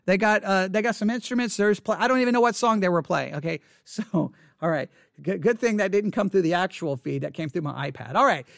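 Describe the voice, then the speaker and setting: High-voiced man musing on lyrics, dry sound. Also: animated, fairly quick, vocal fry, a bit bright, no room sound. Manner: hesitant, many restarts and fillers, reflective. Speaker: song commentator. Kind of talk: casual spoken lyric interpretation.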